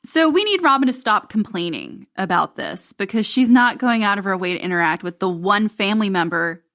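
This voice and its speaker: A woman's voice: mid-range voice, lively intonation, a little fast, a bit bright. A woman co-hosting a podcast, recapping a reality show in casual, snarky banter. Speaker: podcast co-host.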